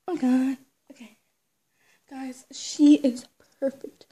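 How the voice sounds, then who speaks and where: A woman chatting excitedly while unboxing a toy haul, gushing and squealing, then dropping to hushed whispers. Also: sits high, slow pace. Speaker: toy collector vlogger.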